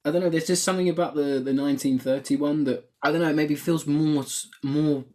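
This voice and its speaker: A man's voice: a little high, steady tone, brisk, a little mellow. A man hosting a podcast in a loose, chatty discussion style. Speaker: podcast host.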